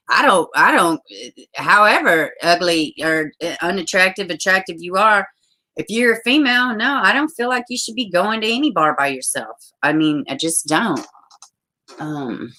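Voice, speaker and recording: A woman's voice: lowish voice, pushed and bright. A woman hosting a casual live stream, chatting and reading out viewer comments, blunt and ready to swear. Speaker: livestream host. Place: home.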